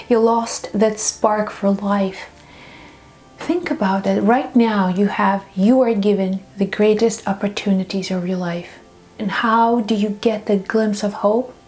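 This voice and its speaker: Expressive woman spiritual teacher. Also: mid-range voice. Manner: expressive, dips into whispers. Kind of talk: storytelling talk.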